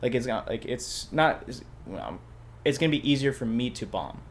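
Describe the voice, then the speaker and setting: A man's voice: mid-range voice, expressive, moderate pace, slight background noise. A man talking in a casual podcast chat as a stand-up comedian guest, loose and rambling with lots of filler and swearing. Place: podcast studio.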